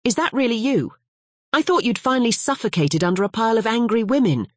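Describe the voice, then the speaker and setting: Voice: mid-range voice, lively intonation, a little fast, no echo, studio quality, voice pushed up, lightly acted. A narrator voicing a teasing male history professor with a Swiss-Italian accent, in easygoing, jokey banter. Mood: surprised, teasing.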